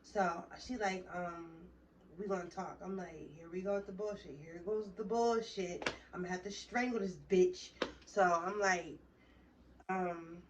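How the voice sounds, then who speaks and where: A woman's voice: lowish voice, far from the mic, noisy background. A woman vlogger telling a heated, profane story straight to her viewers in a casual storytime.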